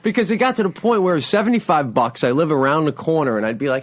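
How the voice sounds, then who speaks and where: A man's voice: a little high, animated, fast. Laid-back man reminiscing about clubs. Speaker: comedian, guest. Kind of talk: casual chat.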